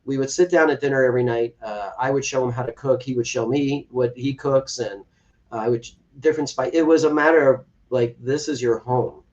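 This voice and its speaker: A man's voice: mid-range voice, a little fast. A man speaking as a guest in an interview, telling an earnest personal story and acting out quoted dialogue. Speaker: podcast guest, adoptive father. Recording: distant, slightly dull podcast audio.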